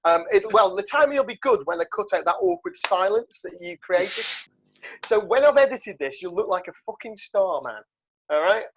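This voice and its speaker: A man hosts a podcast in easy banter, rambling and restarting mid-sentence with plenty of ums. His voice sits high. The sound is dull and lo-fi. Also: animated, moderate pace, a bit bright, a little hiss or hum. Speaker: podcast host. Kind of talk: casual banter.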